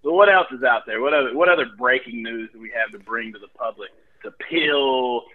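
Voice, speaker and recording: A man co-hosting a casual comedic podcast, animated and quick to laugh. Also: medium pitch. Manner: animated, laughing, jumps into loud mock voices. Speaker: podcast co-host. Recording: dull lo-fi sound.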